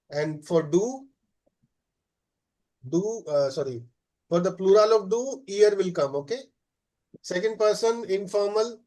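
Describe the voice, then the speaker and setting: Male German teacher, fairly high voice, patient and halting, keeps asking "okay?". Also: mellow. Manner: explains slowly, checks with frequent "okay?"; many "uh" fillers. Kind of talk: live class lesson.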